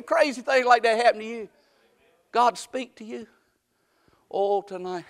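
A man preaching a sermon, shouting some lines and hushing others, with folksy repeated questions to his congregation. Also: very high voice, a little slow. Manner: swings from shouted calls to hushed asides.

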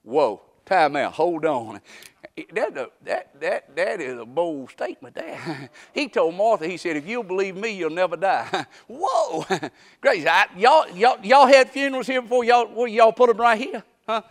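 A man preaching a folksy sermon that swings from quiet talk up to shouting. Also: high-pitched, lively intonation, unhurried.

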